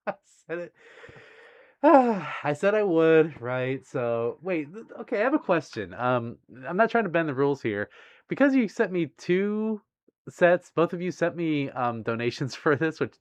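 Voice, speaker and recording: Male streamer, casual chat reading viewer messages, laughs a lot, lively pitch. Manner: giggly, bashful, laughs often between remarks. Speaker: livestream host.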